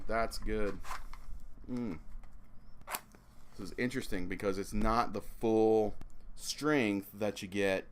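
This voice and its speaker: Low-voiced man musing about pipe tobacco. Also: slight background noise. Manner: rambling, many restarts and fillers, relaxed; talks around a pipe in his mouth. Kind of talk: casual hobby vlog, thinking aloud. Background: ceiling fan.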